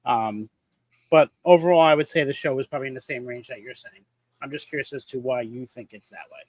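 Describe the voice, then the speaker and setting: A man's voice: mid-range voice, a little fast, no echo, rough recording. A man hosting a wrestling podcast, asking the other hosts questions and reading out viewer comments. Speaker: podcast host. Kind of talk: casual chat, moderating.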